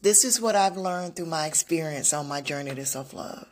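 Earnest and unscripted, a woman who makes motivational vlogs tells a personal story in a slightly low voice. Her tone is reflective and direct, and she frequently stops and starts again as she thinks out loud.

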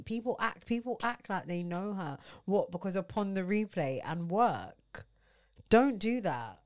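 Lively young woman. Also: mid-range voice, unhurried. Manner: swears a lot, rambling, bursts into laughing-crying. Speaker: podcast co-host. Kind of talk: casual podcast chat.

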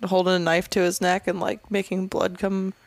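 A woman's voice: fairly low pitch, little pitch movement, moderate pace. A woman hosting a podcast in casual chat, laughing often and trailing off mid-thought before starting again. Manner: giggly, trailing off and restarting. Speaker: podcast host.

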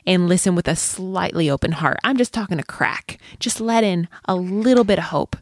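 A woman guest on a podcast, talking earnestly and quickly, speaking straight to listeners with encouragement. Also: fairly low pitch, dry recording, studio quality. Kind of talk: heartfelt encouraging talk.

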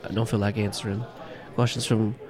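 A man's voice: lowish voice, little pitch movement, fairly quick, crowd noise, lightly acted. A man voicing a tattooed bartender, in a tabletop game. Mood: guarded. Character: tattooed redheaded Irish bartender man in his thirties, cheeky.

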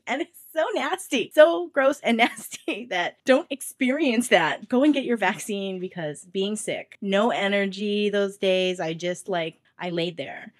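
A woman co-hosting a podcast in casual chat, telling stories in an animated, chatty way, slightly stuffy-nosed. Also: mid-range voice, normal speed, no room sound, studio quality. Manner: chatty, animated storytelling with laughs. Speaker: podcast co-host.

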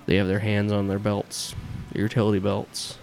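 Low, gravelly male game master. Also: monotone, normal speed, darkish tone, soft background music. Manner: laughs often, loose and rambling. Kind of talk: narrating a tabletop game.

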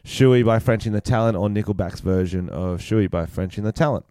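A man co-hosting a podcast, animated as he reads out stories and banters with his co-host. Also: on the low side, brisk, smooth, no room sound. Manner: animated, reads news stories aloud with laughs. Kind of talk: casual banter and storytelling.

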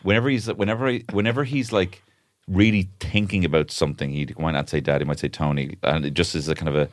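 Male co-host, 30s, very low, dry, deadpan and profane. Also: quick pace, no room sound. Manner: blunt, sweary, deadpan. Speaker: podcast co-host. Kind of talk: casual chat.

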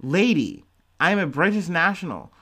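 A man's voice: sits high, very animated, moderate pace, pushed and bright, pitched above the performer's own voice, full character voice. Man voicing firm, indignant woman, short clipped replies. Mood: exasperated. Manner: curt, exasperated replies. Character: British woman of African heritage, indignant and firm.

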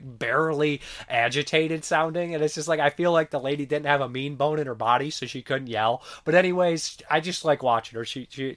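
A man casually reviewing movies in a rambling, animated way, swearing now and then, and sounding sick. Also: on the high side. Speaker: film reviewer.

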